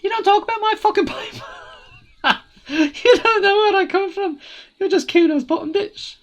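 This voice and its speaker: A high, brash boy's voice, put on by a woman reading a game aloud, swaggering and foul-mouthed, swinging up and down as he talks about himself in the third person. He sounds cocky and defiant. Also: big pitch swings, normal speed, a little mellow. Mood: taunting.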